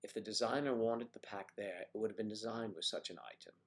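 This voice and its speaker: An American man hosting a casual livestream from home, reading viewer comments with playful, teasing banter. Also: fast talker. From United States. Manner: playful, teasing, animated jumps in pitch. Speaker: livestream host.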